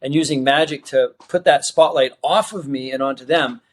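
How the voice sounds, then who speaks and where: Middle-aged Australian-raised magician telling stories. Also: male voice, mid-range voice, moderate pace. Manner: animated storyteller who acts out quoted dialogue. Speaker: magician guest. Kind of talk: casual interview storytelling.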